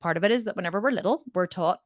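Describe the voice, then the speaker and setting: A woman's voice: lowish voice, racing, no echo, studio quality. A middle-aged woman giving motivational coaching in a question-and-answer talk, emphatic and repeating her points for weight. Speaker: fitness and mindset coach.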